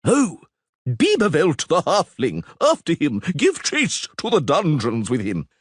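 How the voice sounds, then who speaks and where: Man reading pompous crowing official, shrill and husky. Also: huge pitch swings, unhurried, full character voice. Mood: indignant. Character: skinny pompous male town official.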